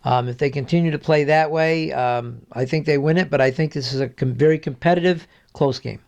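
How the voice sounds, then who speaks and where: A man as a guest sports analyst in a casual picks chat, measured and hesitant, with many restarts. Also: on the high side, a little mellow, dull audio.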